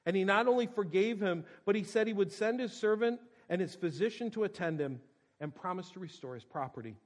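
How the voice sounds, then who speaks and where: A man's voice: on the high side, darkish tone, poor audio. Man reading a story aloud. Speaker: narrator.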